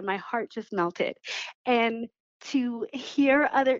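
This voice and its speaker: Animated woman poet on lo-fi radio. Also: on the high side, no echo. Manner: animated storytelling, laughs while talking. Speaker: poet and author guest. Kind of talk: radio interview.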